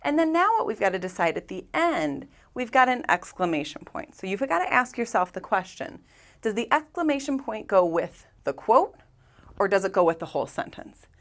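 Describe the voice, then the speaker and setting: Lively-voiced woman teaching grammar. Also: medium pitch, moderate pace. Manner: patient, step-by-step explaining with rhetorical questions. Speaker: English teacher. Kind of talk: grammar lesson explaining examples.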